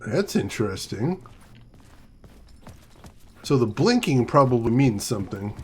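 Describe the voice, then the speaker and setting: Casual male streamer, mid voice, lively musing commentary while playing. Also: medium pitch, a little slow, soft background music. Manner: musing, chatty, thinking aloud. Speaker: let's play host.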